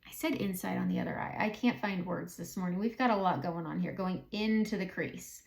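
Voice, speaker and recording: A woman's voice: fairly low pitch, a little fast, gravelly. A woman with a Southern American accent, chatting casually and thinking aloud as she does her makeup for a beauty vlog. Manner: chatty, thinking aloud, self-talk while applying makeup. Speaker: beauty vlogger. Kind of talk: casual makeup tutorial chat.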